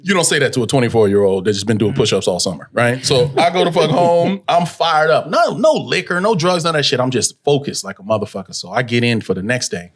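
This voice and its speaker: A man's voice: medium pitch, animated, fast talker, hardly any pauses. A man in his forties from California, a guest actor telling a profane story on a podcast and acting out every character in it. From California, USA.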